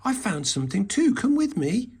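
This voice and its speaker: A man reading a storybook aloud and voicing a small, fussy male hedgehog with a squeaky, huffy manner. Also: big pitch swings, normal speed, a little mellow, slightly rough, exaggerated voice. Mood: pleased.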